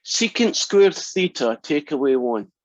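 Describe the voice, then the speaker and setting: A man's voice: a little high, sing-song, a little slow, dry recording. A man teaching a calculus class, talking through derivatives with wry, teasing asides. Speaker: math instructor. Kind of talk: classroom lecture. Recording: dry, muffled classroom recording.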